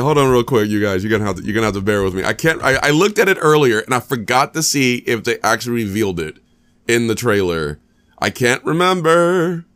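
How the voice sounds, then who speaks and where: A man hosting a podcast, chatting casually about a movie, animated and rambling, repeating himself often and restarting his sentences. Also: mid-range voice. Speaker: podcast host. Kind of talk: casual movie review chat.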